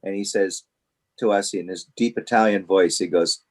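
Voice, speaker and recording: A man telling a story on a casual podcast, animated and laughing as he goes. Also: sits low, normal speed.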